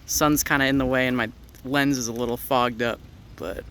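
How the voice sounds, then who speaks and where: A man's voice: medium pitch, steady tone, normal speed, a bit bright, clear, resonant tone. Rambling man narrating a bike ride. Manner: rambling, wry asides, frequent "uh". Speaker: transit vlogger. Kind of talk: casual narration while cycling. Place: outdoors, on a bike through town streets.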